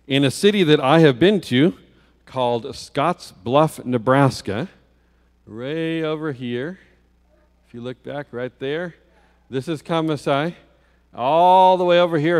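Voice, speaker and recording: With a medium-pitched voice, a man preaching as a guest speaker narrates a vividly detailed children's story, sprinkling in rhetorical questions. The sanctuary gives the recording a long hall reverb.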